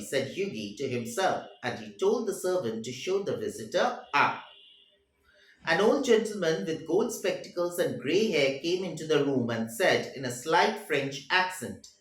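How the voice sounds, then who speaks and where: A male teacher reads and explains a story, his pitch moving up and down a lot. His voice rings in a roomy, echoey space. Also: very animated, a little slow. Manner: paraphrases each passage in simple words. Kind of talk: reading and explaining a story for a class. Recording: roomy echo.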